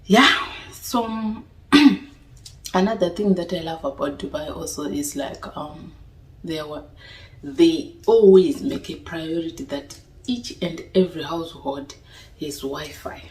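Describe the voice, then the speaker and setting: A woman's voice: low voice, slow pace, distant mic. A young woman, talking casually to her viewers and often asking "you understand?". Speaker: vlogger. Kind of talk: casual talk to camera. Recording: roomy echo, voice a little off-mic.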